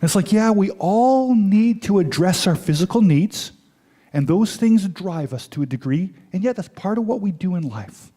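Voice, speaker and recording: A high-pitched male pastor preaching a sermon. He retells the scene in quick, casual dialogue with asides to the congregation. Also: expressive, dark tone.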